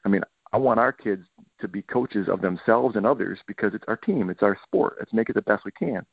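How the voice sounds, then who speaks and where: Middle-aged man, football coach, gravelly low voice, tinny dry phone-like sound. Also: brisk, no echo. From Michigan. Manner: animated storytelling, acts out players' quotes. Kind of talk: podcast interview.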